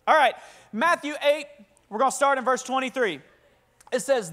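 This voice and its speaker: A young pastor with a Southern US accent preaches an energetic, talkative sermon, calling out for responses from the congregation. His voice is very high, he speaks at normal speed, and he leaves long pauses.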